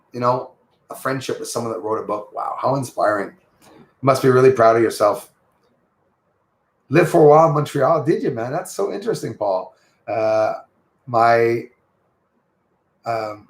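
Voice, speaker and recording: Man, Quebec French accent, livestream host, gravelly voice, roomy echo, rambling and friendly. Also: medium pitch. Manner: rambling, friendly, reads out and greets chat viewers. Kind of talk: casual livestream chat with viewers.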